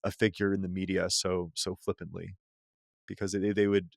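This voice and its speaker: A man, a psychotherapist, talking loosely in a podcast conversation, full of "like" and restarts and quick to laugh. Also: sits low, little pitch movement, vocal fry, no room sound, studio quality. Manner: loose and rambling, heavy use of "like" and restarts, laughs easily. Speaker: psychotherapist guest.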